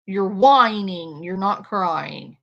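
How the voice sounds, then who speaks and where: A woman's voice: mid-range voice, lively intonation, slow pace, vocal fry, sharp tone, dull audio. Sarcastic woman reacting to a clip. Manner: sarcastic, blunt, swearing. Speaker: reaction streamer. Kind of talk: casual commentary on a clip.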